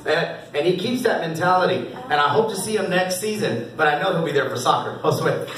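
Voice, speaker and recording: A man's voice: fairly high pitch, fairly quick, recorded from a distance, very noisy. A man coaching a youth football team, giving an upbeat, encouraging award speech at a banquet and laughing often. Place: indoor banquet hall. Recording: echoey hall, voice off-mic.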